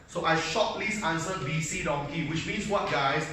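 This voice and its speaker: A man's voice: on the high side, moderate pace, bright, forceful tone. A man with a Malaysian English accent teaching chemistry to a class, constantly checking that students follow along. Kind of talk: live classroom lecture. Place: school classroom. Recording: echoey room, mic far off, faint noise.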